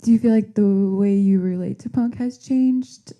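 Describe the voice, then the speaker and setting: A woman interviewing an author on stage, asking questions hesitantly with pauses. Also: mid-range voice, warm tone, highs cut off.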